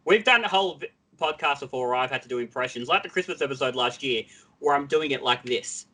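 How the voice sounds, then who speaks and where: A man's voice: medium pitch, expressive, fast, sharp tone. A man, a podcast guest, chatting loosely and self-deprecatingly, jumping between thoughts. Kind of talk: casual chat.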